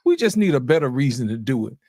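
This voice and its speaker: A man's voice: medium pitch, very animated, fast, a little mellow, dry recording, clean studio sound. A man hosting a casual panel discussion, calling on guests and often asking "you know what I'm saying".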